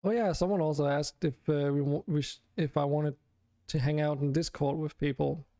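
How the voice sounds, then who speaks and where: A man's voice: fairly high pitch, steady tone, moderate pace, warm tone, no echo, clean studio sound. A man streaming a game, chatting casually with viewers in a chatty, self-deprecating way and laughing often. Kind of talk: casual live-stream chat.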